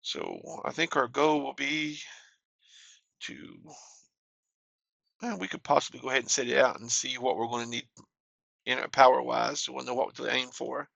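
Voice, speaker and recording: A man narrates his game session in a laid-back, plain way. His voice has a gravelly edge and a bright, forward tone. The recording is close and dry, with no room sound. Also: mid-range voice, moderate pace, pauses often, no room sound. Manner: relaxed, plain-spoken walkthrough talk. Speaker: gaming channel host. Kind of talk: casual game commentary.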